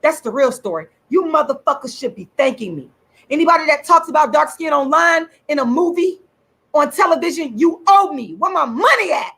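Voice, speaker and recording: A woman angrily ranting straight to camera as host of her own channel, swearing and repeating herself with drawn-out, emphatic words. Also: high voice, animated, fairly bright tone, poor audio. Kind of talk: angry direct-to-camera rant.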